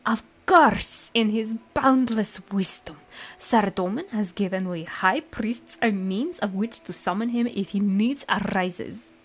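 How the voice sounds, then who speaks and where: A woman voicing a stern, pompous high priest who speaks in a lofty, condescending way. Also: a little slow, natural voice.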